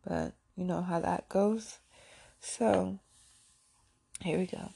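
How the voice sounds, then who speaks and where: Slow, husky-voiced woman podcast host. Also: fairly low pitch, fairly even intonation. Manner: slow, gentle, repeats each affirmation. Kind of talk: casual podcast chat leading spoken affirmations.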